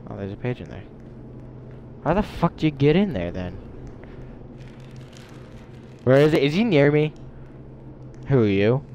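A young man commentating his own game live, excitable and swearing, whining at the other players. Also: mid-range voice, unhurried, long pauses, a little hiss or hum, rough recording. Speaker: gamer.

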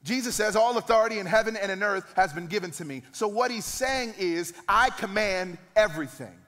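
A man's voice: high voice, lively intonation, a little fast, hardly any pauses, big-room sound. A man in his thirties, a pastor, preaching a sermon with emphatic, rising peaks. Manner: emphatic, builds to loud peaks.

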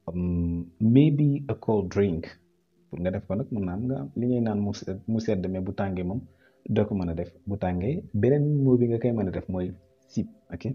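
A man teaching English phrases, repeating them slowly and switching languages as he explains. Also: deep voice, husky, lo-fi sound.

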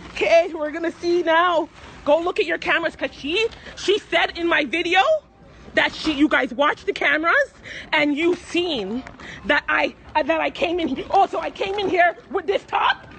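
Indignant, tearful, very high-voiced woman. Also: normal speed, vocal fry, slight background noise. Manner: indignant, loud and emphatic, swearing. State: tearful, near crying. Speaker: shopper confronting store staff. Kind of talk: self-filmed confrontation. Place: inside a clothing store. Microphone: phone camera held by speaker.

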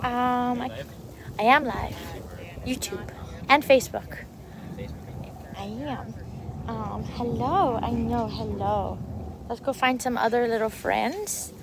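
A woman's voice: a little high, slow, creaky, pauses often, background noise. A woman livestreaming a casual walkthrough outdoors on a handheld phone, gushing and cooing sweetly at cats. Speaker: livestreaming vlogger. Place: outdoor animal sanctuary.

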